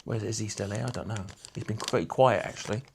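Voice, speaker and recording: A man's voice: on the low side, steady tone, quick pace, gravelly, darkish tone, slight background noise. A man hosting a casual livestream, chatting and teasing viewers while he works on a guitar. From Lincolnshire, England. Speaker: livestream host.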